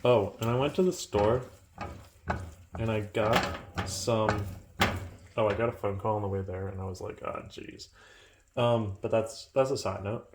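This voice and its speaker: A man rambling through a calm, meandering vlog at home while his food cooks. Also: noisy background. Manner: slow, meandering and low-key, trailing off. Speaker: vlogger. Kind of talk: rambling casual vlog monologue. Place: at home in a kitchen, cooking. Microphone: phone camera.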